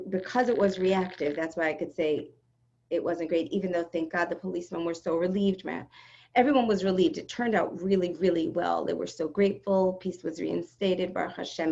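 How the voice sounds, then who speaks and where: A middle-aged woman teaching an online class, telling a personal story in a lively, dramatic way and acting out what people said. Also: medium pitch, dull audio, a little hiss or hum. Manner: animated, dramatic retelling with acted-out quotes. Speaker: spiritual teacher. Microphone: video call.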